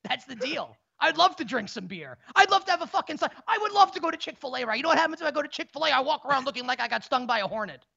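A man in his thirties talking in casual sports-betting banter, in a rapid, profane, stammering rant. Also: very high-pitched, lively intonation, vocal fry, bright, forceful tone. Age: 30s. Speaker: co-host. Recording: dull lo-fi audio.

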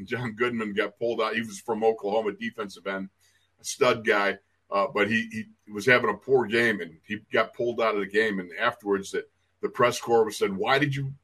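A man's voice: fairly low pitch, bright, forceful tone. A man co-hosting a football podcast, telling old coaching stories with laughs and emphasis. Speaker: co-host, former player. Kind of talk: casual podcast chat.

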